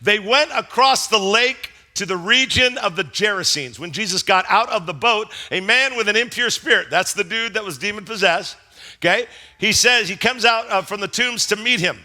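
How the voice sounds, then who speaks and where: A man preaching a sermon as pastor, animated and dramatizing the story, calling on the congregation to answer along. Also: sits high, moderate pace. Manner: animated, dramatizing scripture with acted voices and shouts. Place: church sanctuary before a congregation.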